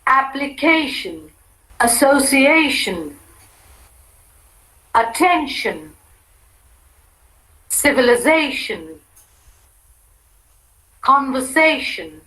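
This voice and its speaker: Female model speaker for pronunciation drills, high voice, extremely slow and deliberate. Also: bright, forceful tone, a little hiss or hum, poor audio. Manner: careful, deliberate enunciation. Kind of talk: reading isolated words for a drill.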